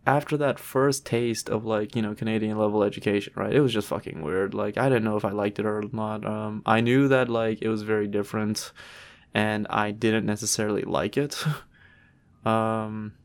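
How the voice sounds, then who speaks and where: A man's voice: fairly low pitch, level tone, moderate pace. A man from Trinidad, co-hosting a podcast in laid-back casual chat, swearing freely and using many fillers. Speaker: podcast co-host.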